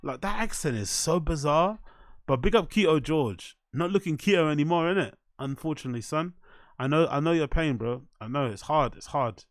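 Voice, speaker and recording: A man's voice: a little high, a little fast, no room sound, studio quality. Swearing British man reacting to clips. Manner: animated, swears constantly, slangy. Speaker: host. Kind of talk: casual reaction commentary.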